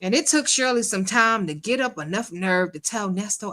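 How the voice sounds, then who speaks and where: A woman's voice: medium pitch, lively intonation, brisk, hardly any pauses, pushed and bright. A woman hosting a livestream, giving sassy, colloquial commentary on a phone call and laughing often as she mocks it. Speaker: livestream host.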